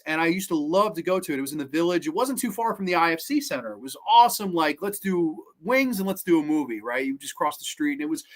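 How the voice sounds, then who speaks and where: A man in his thirties with a high-pitched, bright, forceful voice hosts a horror movie podcast on a livestream. He chats casually and reads viewer comments, enthusiastic and rambling, repeating words and swearing casually.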